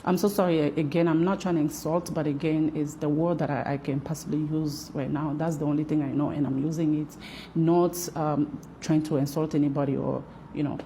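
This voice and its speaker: A woman's voice: low-pitched, fairly even intonation, a little fast, mellow, a little hiss or hum. A woman who owns a hair braiding shop, talking through her side of a dispute in a video monologue with repetitive, emphatic, sometimes heated phrasing.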